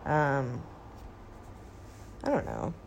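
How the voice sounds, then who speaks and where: A woman in her twenties chatting casually as a vlogger, stoned and laid-back, with vocal fry in a rambling, quiet delivery. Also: rumbling low, huge pitch swings, drawn-out words, slight background noise. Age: 20s. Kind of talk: casual chat.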